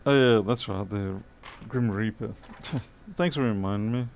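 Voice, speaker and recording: A man's voice: fairly low pitch, a little slow, darkish tone. A tired man streaming a late-night electronics repair, muttering as he works and answering live chat with dry, self-deprecating remarks.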